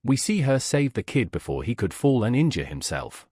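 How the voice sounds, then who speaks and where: A man's voice: medium pitch, very animated, normal speed, darkish tone, husky, no room sound, studio quality. A man reading a scripted recap of a comic story in a matter-of-fact way. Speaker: recap narrator.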